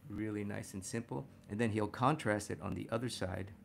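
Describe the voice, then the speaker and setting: A man teaching a figure drawing lesson as he sketches, talking warmly to viewers as "my friends" and getting excited about the details he spots. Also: lowish voice, fairly quick, vocal fry, slight background noise. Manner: enthusiastic, talks to "my friends" while drawing. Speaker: art instructor.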